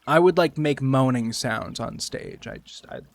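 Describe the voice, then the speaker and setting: A man's voice: mid-range voice, unhurried, creaky, a little hiss or hum. A man chatting casually on a gaming livestream, rambling, joking and swearing. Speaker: streamer.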